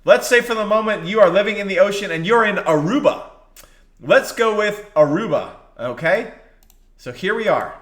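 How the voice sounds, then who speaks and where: High-voiced preacher in an echoey room. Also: male voice, expressive, normal speed, fairly bright tone. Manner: exhorting, repeats phrases for emphasis. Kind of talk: sermon.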